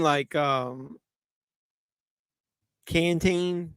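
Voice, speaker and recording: A man with a Southern drawl chats loosely through a movie watch-along, cracking jokes while he drinks. His voice sits a little high and comes across smooth and clear. The sound is dry, with no room around it. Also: steady tone, very slow, long pauses, a bit bright, dry recording. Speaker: livestream host.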